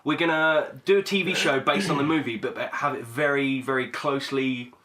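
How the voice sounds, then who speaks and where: Man, podcast host, casual chat, bright tone, hesitant rambling. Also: medium pitch, brisk. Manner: rambling, hesitant, lots of fillers.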